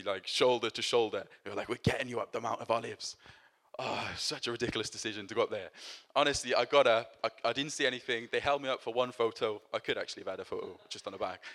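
A man's voice: fairly low pitch, a bit bright. A man preaching a sermon in a conversational way, with many fillers and restarts, moving between scripture and personal stories.

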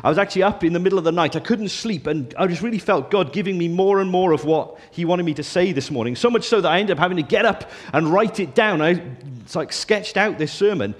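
A man's voice: fairly high pitch, breathy edge. Man giving a conversational sermon. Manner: conversational, warm and self-deprecating, with frequent ums. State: deaf in his left ear this morning. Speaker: preacher.

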